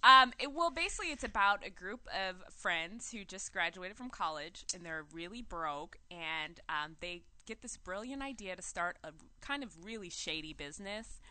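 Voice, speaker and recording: Woman, radio guest, talkative, giggly, bright sharp tone. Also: lowish voice, expressive, normal speed, few pauses, no echo. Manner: talkative, giggly, many fillers. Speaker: actress and producer guest. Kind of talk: radio interview.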